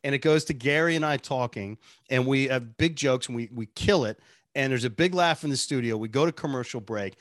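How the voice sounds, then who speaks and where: Guy telling radio stories, laughs a lot, plain middle pitch, dry sound. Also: brisk, no room sound. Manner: animated storyteller, laughs often. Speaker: radio show producer and personality. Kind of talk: casual interview chat.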